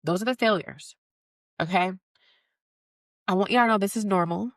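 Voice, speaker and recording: A woman's voice: medium pitch, moderate pace, no echo, rough recording. A woman hosting a casual solo podcast as a career coach, chatty and encouraging with lots of "like" and "okay.".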